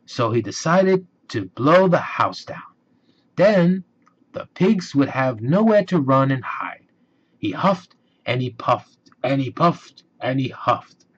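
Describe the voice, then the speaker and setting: Slow husky male storybook reader. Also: medium pitch. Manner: slow, expressive read-aloud. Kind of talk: reading a children's storybook aloud. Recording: dull lo-fi recording.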